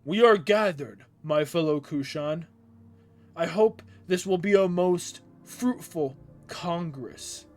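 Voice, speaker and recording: A man voicing a new emperor opening a council in a measured, ceremonious way. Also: fairly high pitch, a little mellow, soft background music. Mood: solemn.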